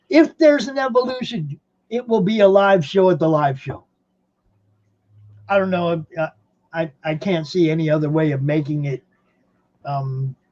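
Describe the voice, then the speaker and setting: A man's voice: high voice, darkish tone, muffled recording. A man hosting a podcast from home in rambling casual chat, laughing often. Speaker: podcast host.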